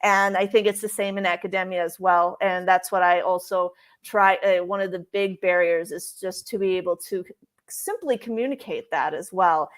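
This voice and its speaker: A woman's voice: fairly low pitch, fairly even intonation, normal speed. Chatty woman career coach, many restarts. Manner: chatty, frequent restarts and "like" fillers. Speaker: guest, career coach for expats. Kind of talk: casual interview talk.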